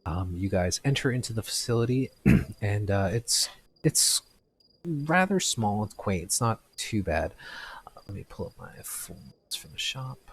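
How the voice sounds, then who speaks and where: A man with a very low voice runs a tabletop game, describing scenes in a halting way with many restarts. His delivery is loose and unscripted, and faint noise sits behind it. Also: sing-song. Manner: halting, full of fillers and restarts. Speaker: game master.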